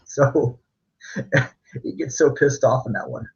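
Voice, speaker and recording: Husky man rambling a story, lo-fi. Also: medium pitch, slow, a little mellow. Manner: rambling storyteller with fillers, laughs. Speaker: podcast co-host. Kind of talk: casual chat. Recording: dull lo-fi sound.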